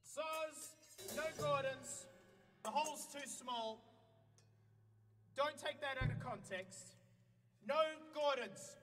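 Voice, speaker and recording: Aussie guy streaming, pitched kinda high, laughs a lot, rambles, drifts off mic sometimes. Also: slow, long pauses, a bit bright, soft background music. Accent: Australian. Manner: joking, rambling, laughs often. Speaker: livestream host. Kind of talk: casual live-stream chat.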